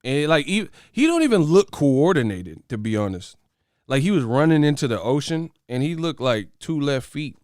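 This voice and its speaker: A man's voice: fairly high pitch, big pitch swings, moderate pace, a little mellow, no room sound, clean studio sound. A man hosting a casual boxing commentary channel, brash, profane and mocking as he trash-talks to his viewers.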